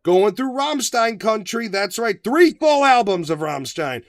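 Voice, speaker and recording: A man co-hosting a podcast, chatting casually, profane and animated, often acting out voices. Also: high-pitched, a little slow, dry recording, clean studio sound. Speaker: podcast co-host. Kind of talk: casual banter.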